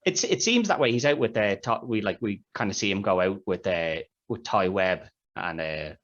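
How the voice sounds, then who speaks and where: A man's voice: fairly low pitch, lively intonation, normal speed, a bit bright. A man co-hosting a podcast, chatting casually about a film and retelling its scenes in a rambling way. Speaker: podcast co-host. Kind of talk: casual film review chat. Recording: dull lo-fi sound.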